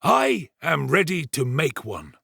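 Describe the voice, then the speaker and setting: An actor playing a pompous middle-aged male butler who speaks slowly and formally. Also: on the high side, wildly swooping pitch, gravelly, pushed and bright, slightly rough, no echo, clean studio sound, pitched above the performer's own voice, full character voice. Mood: stiffly brave. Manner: slow, formal and self-important.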